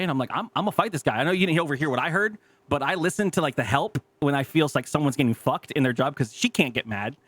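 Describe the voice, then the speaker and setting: A man on a podcast telling a story in casual chat, animated and profane, acting out the people in it. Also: on the high side, fast, hardly any pauses, dry recording. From California. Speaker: podcast co-host.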